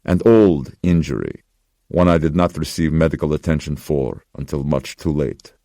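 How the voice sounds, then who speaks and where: A man voicing a somber old pawnbroker who speaks in a slow, grave, measured way. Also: a bass voice, vocal fry, mellow, no room sound, clean studio sound. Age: older.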